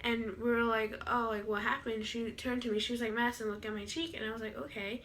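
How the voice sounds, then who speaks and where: Rambling teen girl, bright voice. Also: on the high side, level tone, fast, slight background noise. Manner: rambling, filler-heavy retelling. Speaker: vlogger. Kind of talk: casual storytime vlog.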